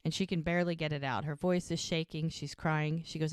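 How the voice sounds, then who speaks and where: A woman's voice: sits low, fairly even intonation, a little fast, smooth, no room sound, clean studio sound. A woman co-hosting a podcast, casually recapping a show episode and retelling each scene by quoting the characters' lines. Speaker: podcast co-host.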